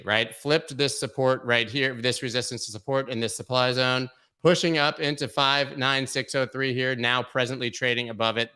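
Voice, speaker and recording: A man hosting a crypto market show, giving brash, joking, excitable live commentary on price charts. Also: medium pitch, clean tone.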